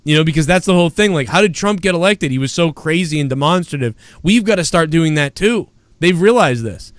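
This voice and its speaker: A high-voiced man rants through a casual live show, swearing at every turn and mocking whoever comes up. His voice sits dry and close, with no room sound around it. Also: a little fast, dry recording. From United States. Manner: loud, excitable, swears constantly, mocks others. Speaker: show host. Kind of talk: casual profane live-stream commentary.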